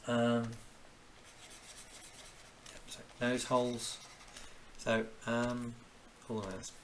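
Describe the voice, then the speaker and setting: Man with a Kent accent, unhurried, rambling live-drawing chat, faint room ambience. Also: mid-range voice, monotone, slight background noise. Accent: Kent English. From Kent, England. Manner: rambling, mutters to himself, little exclamations. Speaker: cartoonist streaming live. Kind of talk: casual chat while drawing. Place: home, cooking dinner while drawing.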